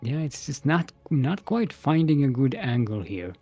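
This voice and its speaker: A man calls a live strategy game in a relaxed, joking way and laughs often between plays. His voice is mid-pitched and very lively, swinging up and down as he reacts. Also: a little slow, breathy edge, faint music behind. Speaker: esports caster. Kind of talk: casual live game commentary.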